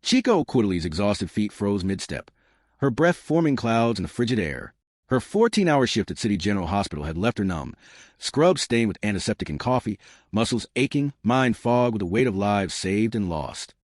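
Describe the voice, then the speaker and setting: A man narrating a dramatic story in a scripted, expressive way. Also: lowish voice, normal speed, no echo, clean studio sound.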